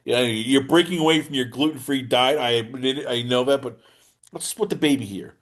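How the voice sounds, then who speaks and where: Animated joking male podcast host. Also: fairly quick. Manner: animated, jokey, teasing, swings in pitch and loudness. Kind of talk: casual podcast chat.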